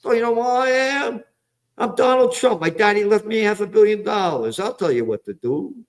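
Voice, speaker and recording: A man's voice: high-pitched, lively intonation, normal speed, pitched above the performer's own voice. A man putting on a mocking impression of a boastful, arrogant male president who brags about inherited wealth.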